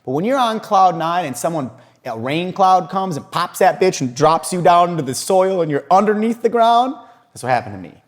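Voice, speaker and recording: Young male interview guest, fairly high voice, animated swearing storyteller. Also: normal speed. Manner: animated, profane, laughs often, acts out quotes. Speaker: podcast guest, entrepreneur.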